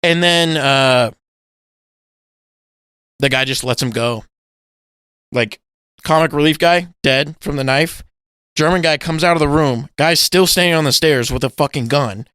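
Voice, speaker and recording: A man co-hosting a podcast, chatting casually and swearing a lot as he retells movie scenes with yelled bits. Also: a little high, unhurried, long pauses, smooth, no echo, studio quality. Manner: animated storytelling, swearing, loud acted-out yells. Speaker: podcast co-host. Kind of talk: casual chat.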